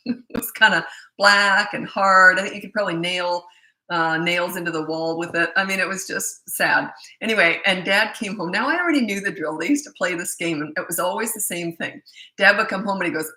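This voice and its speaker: A woman's voice: medium pitch, normal speed, bright, forceful tone. A middle-aged woman parenting coach who tells stories in a chatty, casual Q&A and laughs often. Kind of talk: casual storytelling Q&A. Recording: echoey room.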